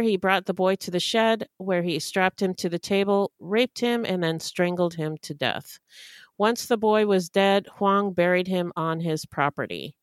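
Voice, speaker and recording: A woman's voice: mid-range voice, dry recording, studio quality. A woman co-hosting a true-crime podcast, reading out a case and adding laughing asides. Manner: laughs often, conversational asides. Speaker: podcast co-host.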